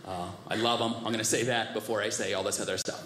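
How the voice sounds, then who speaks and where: A man doing a stand-up comedy set, telling self-mocking stories in a deadpan way. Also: lowish voice, fast talker, heavy background noise. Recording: echoey stage with live audience crowd.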